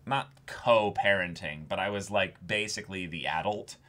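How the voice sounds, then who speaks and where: A young man co-hosting a casual podcast chat, animated and fond of mimicking kids in squeaky voices. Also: normal speed. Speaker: podcast co-host. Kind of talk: casual chat reacting to anime.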